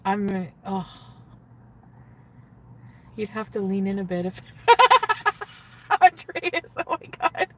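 A woman streamer chatting casually, giddy and gushing, often trailing off and laughing. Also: fairly high pitch. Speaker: livestreamer. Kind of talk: casual livestream chat.

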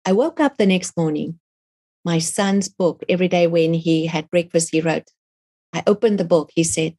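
Woman, middle-aged, husky, low-pitched, fervent faith testimony as an interview guest. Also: normal speed, mellow. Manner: fervent, earnest storytelling. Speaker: author and guest.

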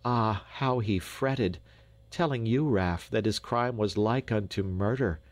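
A man's voice: lowish voice, takes it slowly, no echo, voice pushed up. A man voicing a humble Dutch peasant mother who pleads earnestly and frets. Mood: pleading.

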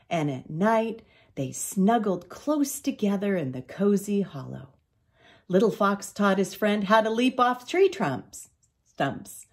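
An older woman reads a children's storybook aloud at a slow, gentle pace. Her voice rises and falls widely as she tells it, sitting a little high for a woman. The reading is unhurried and expressive, made for small listeners.

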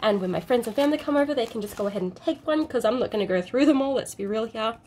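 A woman's voice: fairly high pitch, lively intonation, racing, darkish tone, slight background noise. A woman with an Australian accent, gushing and exclaiming as she unboxes products for her channel. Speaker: unboxing vlogger. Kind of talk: excited unboxing chat.

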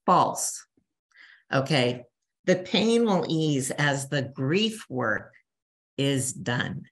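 A woman's voice: a bass voice, very animated, extremely slow. An older woman, a bereavement counselor, giving a chatty talk to a church grief group and acting out little quotes. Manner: warm, chatty teacher, acts out quotes.

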